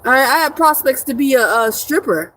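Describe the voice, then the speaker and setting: A woman's voice: high-pitched, lively intonation, moderate pace, fairly bright tone. A young woman live streaming in casual chat, reading viewer comments with brash, profane joking and frequent laughter.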